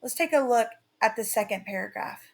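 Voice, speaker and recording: A woman teaching a writing lesson in a slow, carefully read-out, scripted delivery. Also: fairly high pitch, expressive.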